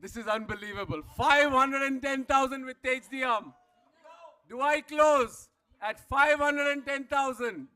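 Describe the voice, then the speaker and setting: A man calls bids at a live player auction, his voice very high and sharp. He works through the numbers slowly and deliberately, repeating each figure and urging the room higher. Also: clear, resonant tone. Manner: rapid repetitive bid calling, rising to shouts. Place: event hall.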